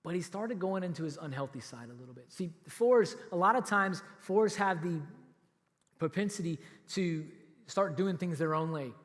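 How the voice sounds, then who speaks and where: A man preaching a sermon as pastor, telling a story in an animated way and acting out what the people in it say. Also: high-pitched, moderate pace. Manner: animated storytelling, acts out quoted lines. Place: church auditorium. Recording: reverberant church hall.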